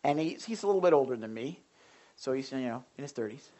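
A young man preaching a sermon as a pastor in a blunt, animated storytelling way, swinging from loud outbursts to quiet asides. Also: medium pitch, fast talker, heavy background noise. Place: church sanctuary.

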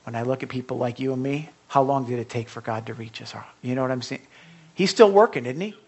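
A mid-range, slightly rough male voice gives a sermon as a pastor. It's conversational and halting, with repeated words and restarts, and it alternates between soft asides and swelling, impassioned outbursts.

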